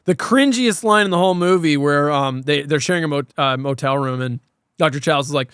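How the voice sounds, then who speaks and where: A man co-hosts a casual podcast about horror films, speaking in a fairly high voice. He talks animatedly and swears freely. The recording is close and dry. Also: brisk, clean tone, no echo. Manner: animated, profane, laughs while talking. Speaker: podcast co-host. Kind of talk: casual horror film review chat.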